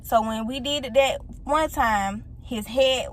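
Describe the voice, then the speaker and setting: A young woman in her late teens, a vlogger chatting straight to her viewers through a phone mic as she retells a long personal story with lively feeling. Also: a little high, unhurried, slight background noise. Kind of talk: casual storytime.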